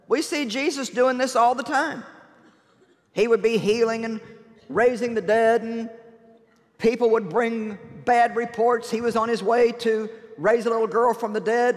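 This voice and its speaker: A woman preacher giving a sermon in an animated, humorous and emphatic way in a large church. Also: a little high, big-room sound.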